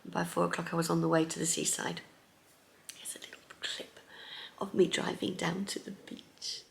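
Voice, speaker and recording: A chatty middle-aged woman hosting her own sewing vlog, her voice low and gravelly with plenty of fry. She talks in a lively, friendly flow and slips now and then into a soft near-whisper. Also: moderate pace. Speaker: sewing vlogger.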